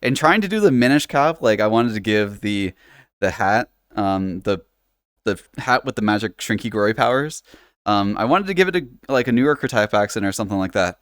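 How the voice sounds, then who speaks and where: A man's voice: on the low side, animated, brisk, smooth, dry recording, studio quality. A man chatting casually on a live stream in virtual reality, rambling with lots of fillers and restarts, laughing often and swearing casually. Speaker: livestreamer. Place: home setup playing in virtual reality.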